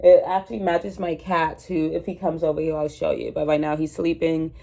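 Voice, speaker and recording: Low, mellow woman with a cold. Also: level tone, brisk, creaky. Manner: rambling, self-mocking, talks to viewers like a friend. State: sick with a cold. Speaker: vlogger. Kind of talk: casual chatty vlog. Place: at home indoors. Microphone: camera mic, no microphone.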